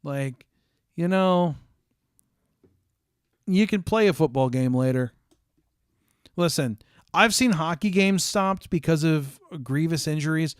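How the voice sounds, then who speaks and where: A man's voice: on the high side, takes it slowly, long pauses, smooth, no room sound, studio quality. An American man hosting a casual stream, chatting with viewers in a rambling way with frequent ums and restarts. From United States.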